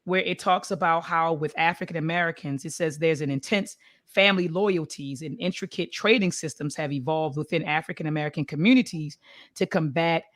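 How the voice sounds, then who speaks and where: A woman's voice: sits low, a little fast, dry recording, studio quality. A woman in a casual book club discussion, talking with many fillers and reading passages aloud. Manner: conversational, filler-heavy, reads passages aloud.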